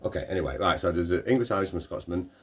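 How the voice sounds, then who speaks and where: A man's voice: deep voice, rapid-fire, slightly rough. A man hosting a podcast, telling a rambling joke in casual banter with playful interruptions. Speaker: podcast host.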